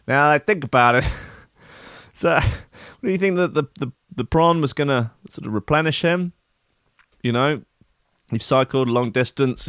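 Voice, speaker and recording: A man's voice: mid-range voice, moderate pace, a bit bright, no room sound. A man hosting a video, reading out news stories with dry, sarcastic and rambling asides. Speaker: video host.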